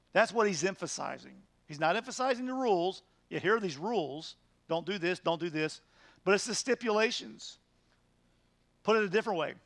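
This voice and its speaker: High-voiced earnest pastor teaching. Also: male voice, vocal fry, fairly bright tone, no echo. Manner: earnest, emphatic, rhetorical questions. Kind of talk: midweek Bible study teaching.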